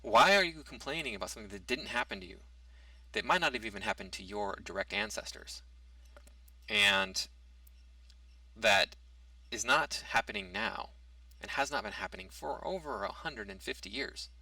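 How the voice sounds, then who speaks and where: A man's voice: fairly low pitch, lively intonation, moderate pace, pushed and bright, no room sound, distant mic. A man in a casual opinion monologue, reading out topics and rebutting them, with hesitant restarts. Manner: argumentative, reads out a topic then rebuts it. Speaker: commentary vlogger.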